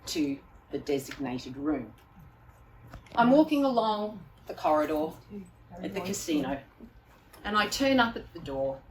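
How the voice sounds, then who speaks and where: A woman speaker telling a personal story live, dramatic and expressive, acting out the scenes she recalls. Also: lowish voice. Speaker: keynote speaker. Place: live venue. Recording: distant mic, faint room noise.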